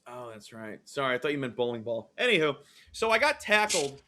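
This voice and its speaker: A man co-hosting a sports-betting podcast, telling a story in an animated way and acting out the voices of the people in it. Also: mid-range voice, a little fast. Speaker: podcast co-host.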